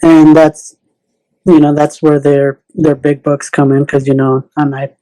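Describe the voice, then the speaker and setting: A man speaking as a guest on a casual podcast, relaxed and hesitant, with lots of "you know". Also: a little high, a little slow, low-quality recording.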